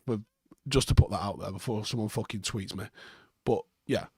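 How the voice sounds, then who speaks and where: A man's voice: fairly low pitch, moderate pace, mellow, breathy edge, no echo, studio quality. Blunt, sweary man. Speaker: football reaction streamer. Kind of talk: live post-match chat reading viewer comments.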